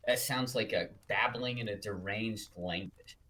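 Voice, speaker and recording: A man's voice: on the low side, a little slow, bright, forceful tone, a little hiss or hum. A young man co-hosting a casual comedic book review, laid-back and sardonic, swearing casually. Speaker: podcast co-host.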